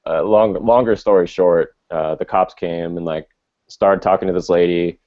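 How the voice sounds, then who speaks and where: Young man, casual storyteller, very deep voice, rambling and profane, dull lo-fi audio. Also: fairly even intonation, normal speed, a little mellow. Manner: rambling, lots of filler words and swearing. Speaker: co-host telling a story.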